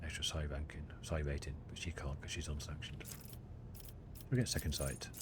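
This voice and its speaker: Very deep-voiced man, quiet let's-play chatter. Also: normal speed. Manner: relaxed, muttered, reads game text aloud. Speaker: gamer playing a video game. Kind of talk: casual let's-play commentary. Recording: loud background noise.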